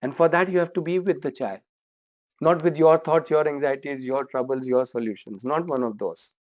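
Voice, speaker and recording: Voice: mid-range voice, normal speed, a little mellow. A workshop trainer, coaching participants through a parenting role-play in a direct, encouraging way. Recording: dull lo-fi recording.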